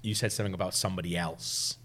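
A man's voice: deep voice, steady tone, quick pace, fairly bright tone. A man, hosting a casual podcast chat and telling a long story with many fillers. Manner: rambling storyteller, lots of fillers. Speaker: podcast host.

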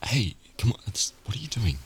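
A man in a whispered role-play, talking in a hushed, flustered, pleading way. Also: on the low side, big pitch swings, fairly quick, slight background noise.

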